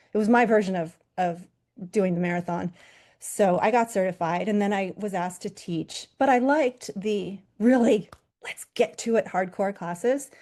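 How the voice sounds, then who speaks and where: A woman's voice: medium pitch, darkish tone. A woman in her forties, a yoga teacher from Los Angeles, telling her own story in a talk in an earnest, candid way with fillers and self-corrections.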